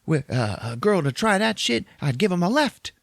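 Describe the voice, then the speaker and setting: A man voicing a brash, excitable young male New Yorker with a New York accent who keeps repeating himself. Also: sits high, moderate pace, gravelly, dry recording, clean studio sound, voice pushed up, heavily acted.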